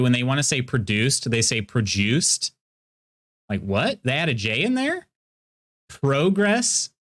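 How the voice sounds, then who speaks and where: A man with a Midwestern American accent holds a relaxed, rambling conversation with his chat between stretches of gameplay. He talks at an easy, middling pitch, laughs often, and answers each viewer's message as it comes in. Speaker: streamer. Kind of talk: casual chat with viewers while gaming.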